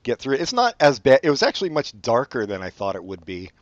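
A man's voice: mid-range voice, huge pitch swings, fast, no room sound, dull audio. A man hosting a podcast in casual chat, with dry, sarcastic humor. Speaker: podcast host.

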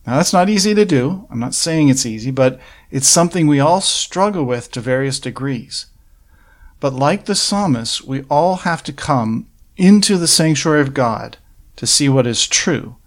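A man preaching a sermon, working through a psalm verse by verse in an earnest, measured way and asking rhetorical questions. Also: fairly high pitch, expressive.

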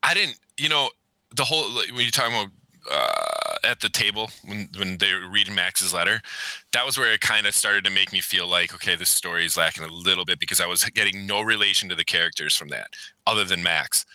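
A middle-aged man ranting about a film in loose, profane chat, his voice bright and forceful. He sits a little low in pitch but climbs sharply when worked up. The sound is dry and close. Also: fairly quick, no echo, low-quality recording. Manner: profane, animated, rants in raised voice. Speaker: podcast co-host. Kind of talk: casual movie review chat.

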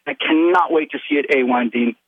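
A man calling in to a radio show, pleading and excitable. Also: medium pitch, fast, vocal fry, breathy edge, no room sound. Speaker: caller. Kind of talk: casual phone-in chat. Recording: muffled phone line.

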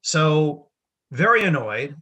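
Bright, husky-voiced dad telling a story. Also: male voice, a little high, big pitch swings, takes it slowly. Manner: wry, exaggerated storytelling with put-on voices. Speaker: podcast co-host, dad. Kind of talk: casual chat.

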